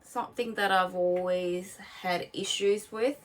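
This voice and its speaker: Animated woman co-host, slightly distant mic. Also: medium pitch, measured pace. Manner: animated, fidgety, laughing, swearing. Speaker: podcast co-host. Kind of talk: casual chat.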